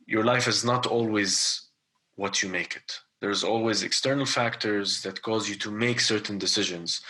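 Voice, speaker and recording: A man's voice: on the low side, pushed and bright. A man hosting a podcast, asking thoughtful, probing questions in casual conversation. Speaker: podcast host.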